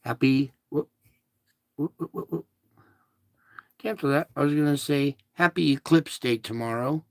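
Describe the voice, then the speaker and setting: A man hosting a casual spiritual show, talking in a slow, soothing, repetitive way to reassure his listeners. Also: on the high side, creaky, a little mellow, no echo, clean studio sound. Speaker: show host. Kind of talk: casual spiritual livestream talk.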